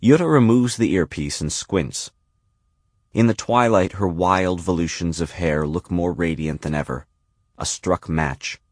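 A man narrating a novel in a calm, even storytelling voice. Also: sits low, unhurried, no room sound, clean studio sound. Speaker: audiobook narrator. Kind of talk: scripted narration.

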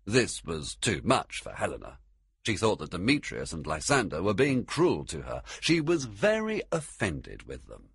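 A man reads a storybook aloud in a very deep voice that rises and falls expressively. His tone is slightly husky, and the recording is dry and close. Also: huge pitch swings, normal speed, fairly bright tone, no echo. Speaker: narrator. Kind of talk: storybook narration.

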